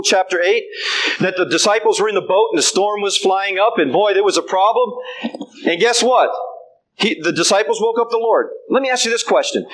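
A man's voice: high voice, fairly bright tone, low-quality recording. An older man preaching a sermon, emphatic and repeating his refrains.

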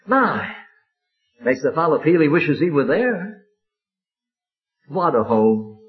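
A man preaching a sermon with fervent, drawn-out emphatic phrases, from an old recording. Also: on the high side, very animated, narrow, tinny audio.

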